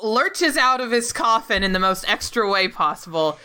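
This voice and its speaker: A woman's voice: medium pitch, sing-song, normal speed, pushed and bright. A woman on a podcast animatedly retelling a film scene with exaggerated quotes. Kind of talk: casual film-recap chat.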